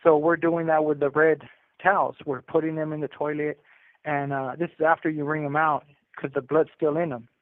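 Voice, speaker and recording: A man's voice: on the high side, little pitch movement, normal speed, no echo. A man telling a story casually over the phone, using street slang and often restarting his sentences. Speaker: incarcerated storyteller calling in. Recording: tinny prison phone line.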